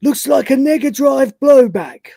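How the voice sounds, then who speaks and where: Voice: a host voicing a menacing male android slaver who barks orders and threats. The voice is raised well above the speaker's normal pitch. The sound is dry and close. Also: lively intonation, measured pace, vocal fry, mellow, dry recording, full character voice. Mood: threatening. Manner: barking threats. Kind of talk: retelling an episode in character.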